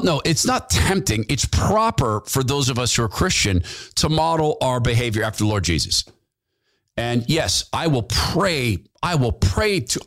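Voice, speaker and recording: A podcast host who used to work in radio delivers an impassioned opinion monologue on his talk show, repeating phrases for emphasis. His voice is medium-pitched and a bit bright.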